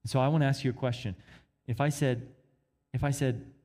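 A man preaching a sermon, swinging between emphatic rises and hushed, quiet drops. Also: medium pitch, steady tone, fairly quick.

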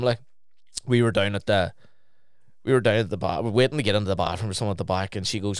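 A young man in a loose, laughing, foul-mouthed chat. His voice is smooth and clean-toned, and it sounds close and dry with no room around it. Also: fairly low pitch, fast talker, dry recording. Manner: swearing, lively anecdote-telling, laughs mid-story. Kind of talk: casual chat.

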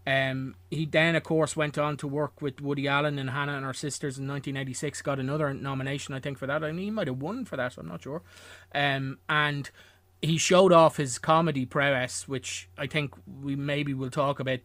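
A man chatting casually about films as a podcast host, rambling and circling back with asides. His voice sits at a middling pitch, and the recording is close and dry. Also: steady tone, a little fast, fairly bright tone, no echo. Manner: rambling, with frequent restarts and asides. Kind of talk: casual film discussion.

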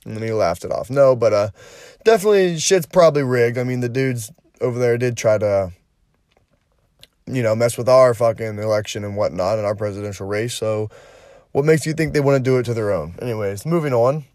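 A man's voice: medium pitch, brisk, a little mellow, no echo. A man talks through the day's news in a loose, profane way, cracking jokes as he goes. His voice sits in an ordinary middle range. It is recorded dry and close, with no room sound. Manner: profane, blunt and joking. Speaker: podcast co-host. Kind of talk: casual news commentary.

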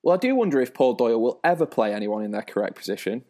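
A man's voice: medium pitch, sing-song, quick pace, a little mellow. A man playing a post-match sports presenter in a comedy sketch, dry and reproving.

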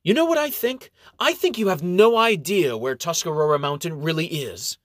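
A man's voice: fairly high pitch, lively intonation, moderate pace, dry recording, studio quality, pitched above the performer's own voice. A man voicing a short, hot-tempered male gnome monk who needles others with sarcastic retorts. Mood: heated.

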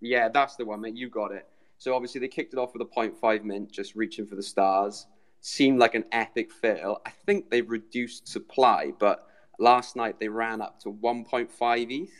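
Speaking at a normal speed in a lowish, steady voice, this man from Britain is a remote guest representing the community on a show. It's casual, rambling chatter, with "mate" thrown in constantly.

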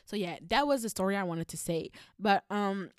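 A woman's voice: medium pitch, lively intonation, moderate pace, clear, resonant tone. A woman vlogger telling a personal story in a blunt, heated manner, swearing constantly. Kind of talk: storytelling monologue.

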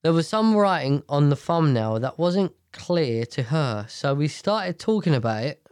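A man's voice: on the high side, sing-song, unhurried, darkish tone, smooth, no echo, studio quality. A man reads posts aloud and reacts with blunt, profane, jokey asides. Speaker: streamer reading posts.

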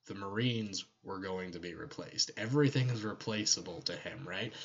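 A man's voice: lowish voice, a bit bright, muffled recording. A man co-hosting a podcast, animatedly explaining a fictional universe's lore in casual chat with joking asides. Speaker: podcast co-host.

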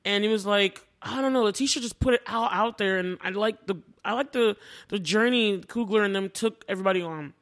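A woman co-hosting a podcast in casual chat, animated and acting out quotes with big pitch jumps. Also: brisk. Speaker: podcast co-host.

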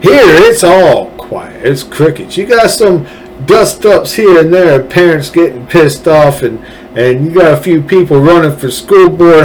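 A man's voice: sits high, low-quality recording. A man hosting a political podcast, ranting angrily with sarcasm and profanity. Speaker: podcast host. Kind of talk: political commentary rant.

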